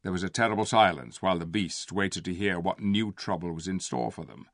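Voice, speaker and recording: Gravelly, expressive male storyteller. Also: low voice, brisk, dry recording, clean studio sound. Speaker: audiobook narrator. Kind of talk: scripted narration.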